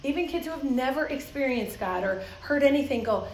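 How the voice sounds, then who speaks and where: A high-pitched woman addresses a church crowd, telling lively stories and laughing often as she acts out quoted voices. Her voice rings through a roomy, echoing hall, with a faint hum behind her. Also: fairly quick. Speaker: children's ministry speaker. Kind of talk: talk to a church audience, with anecdotes. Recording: roomy echoey hall sound.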